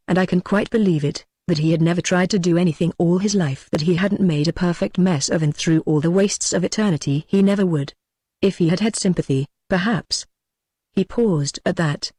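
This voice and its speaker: A reader tells a classic ghost story in a measured, even way, moving between narration and quoted dialogue. The pitch sits in the middle, neither high nor low. The recording is dry and close, with no room sound. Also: no echo. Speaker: audiobook reader.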